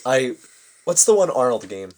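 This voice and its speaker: A man's voice: mid-range voice, sing-song, normal speed. A young man co-hosting a podcast, rambling and swearing freely in casual chat, laughing often. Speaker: podcast co-host.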